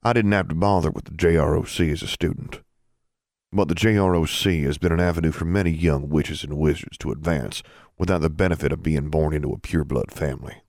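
A man's voice: a bass voice, steady tone, fairly quick, darkish tone, dry recording, clean studio sound. A man voicing a stern, pompous middle-aged dean in an audiobook.

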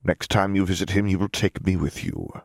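A man's voice: sits low, huge pitch swings, vocal fry, dry recording, clean studio sound, full character voice. A man reading as an aloof, cryptic wizard. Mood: cool, cryptic. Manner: measured, aloof, faintly menacing. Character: cryptic, cold middle-aged male wizard.

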